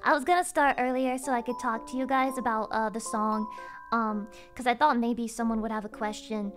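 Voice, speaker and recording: A woman's voice: a little high, steady tone, a little fast, over music. A woman streamer chatting casually to her viewers, playful and swearing, rambling with fillers. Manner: playful, swearing, meowing at chat. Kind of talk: casual live-stream chat.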